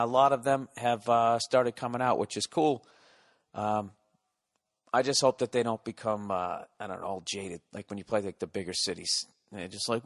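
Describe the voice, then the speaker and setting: A man in his forties with a Boston accent, telling a rambling, profane comic story as a podcast host. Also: a little high. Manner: profane, animated, jumps between tangents.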